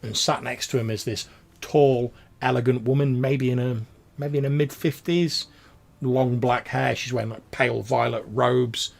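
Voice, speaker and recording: A man's voice: medium pitch, steady tone, moderate pace, gravelly. A man narrating as game master, describing scenes in a loose, rambling way with many fillers.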